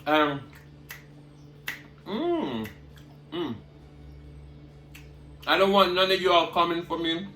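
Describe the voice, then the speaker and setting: A man's voice: on the high side, animated, takes it slowly, pauses often, roomy sound. A man, talking casually to viewers while eating and humming over his food. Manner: eating with loud savoring hums between remarks; chatty, talking straight to viewers. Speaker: cooking vlogger. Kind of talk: casual mukbang chat.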